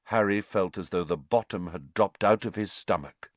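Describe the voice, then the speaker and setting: A man reading an audiobook story with slow, expressive narration. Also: low-pitched, dry recording.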